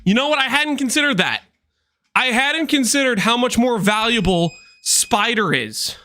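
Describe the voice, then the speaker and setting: A man streaming a game, chatting with viewers in an animated, teasing way with quick asides. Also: very high-pitched. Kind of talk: livestream chat with viewers.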